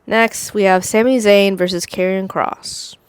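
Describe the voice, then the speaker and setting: A woman's voice: mid-range voice, steady tone, smooth, no room sound. A woman co-hosting a casual chat, talking bluntly with many halts and fillers. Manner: blunt, halting, full of fillers. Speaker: podcast co-host.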